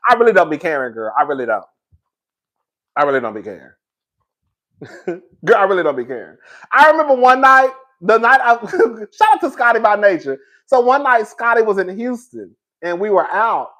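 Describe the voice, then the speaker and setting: Brief: male streamer, lively pitch, loud over-the-top delivery, laughs a lot, casual slang. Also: normal speed, pauses often. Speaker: livestream host. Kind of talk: casual live-stream chat.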